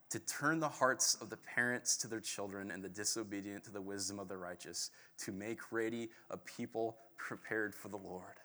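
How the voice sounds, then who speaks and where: A man preaching a sermon in a casual, animated storytelling way. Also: mid-range voice. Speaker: pastor. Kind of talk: conversational sermon.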